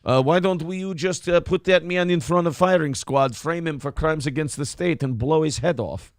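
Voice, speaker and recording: A man voicing a cold, cruel Russian revolutionary leader in a mock Russian accent that drifts toward Scottish, low and quiet with mock-polite menace. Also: normal speed, no room sound, clean studio sound, lightly acted. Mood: coldly menacing.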